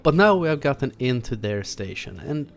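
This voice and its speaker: A young man hosting a gaming channel, talking through a walkthrough in a relaxed, chatty way with chuckling asides. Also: medium pitch, normal speed. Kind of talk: casual gameplay commentary.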